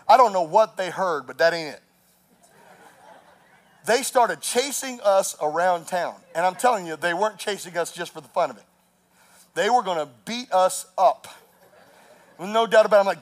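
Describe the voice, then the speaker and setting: Man, pastor, sermon, very high voice, builds to shouting, laughs through stories. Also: expressive, moderate pace, long pauses.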